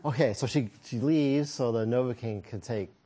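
A man's voice: mid-range voice, moderate pace, warm tone. A man preaching a sermon, telling a personal story with self-deprecating humor and frequent chuckles.

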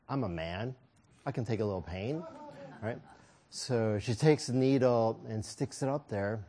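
Man, preacher, sermon, humorous self-deprecating storytelling, mid-pitched voice. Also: darkish tone.

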